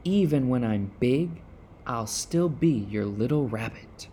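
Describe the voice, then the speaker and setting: A man's voice: mid-range voice, slow, slight background noise. A man voicing a curious, eager young boy rabbit in a storybook. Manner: questioning, lively.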